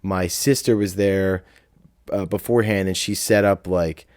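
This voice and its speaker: A young man from South Jersey rambles through a story with lots of swearing, fillers and quoted asides. His voice sits low, and the recording is dry and close. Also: fairly even intonation, a little slow, darkish tone, no echo. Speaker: podcast co-host. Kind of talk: casual chat, storytelling.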